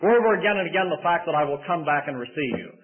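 A man's voice: a little high, expressive, rapid-fire. A middle-aged man preaching a sermon in an earnest way that rises to emphatic bursts. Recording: tinny phone-like sound.

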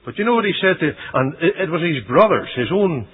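A man preaching a sermon, voicing scripture dramatically and swinging from loud declarations to hushed asides. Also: fairly high pitch, very animated, fast talker, husky. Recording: dull lo-fi radio recording.

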